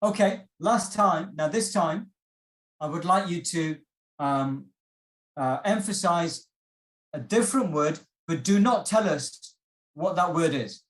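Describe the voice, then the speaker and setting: An encouraging man teaching over a video call, his voice a bit higher than most men's. He repeats his instructions and fills pauses with ums. The sound bounces around an echoey room. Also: expressive. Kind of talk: online workshop teaching.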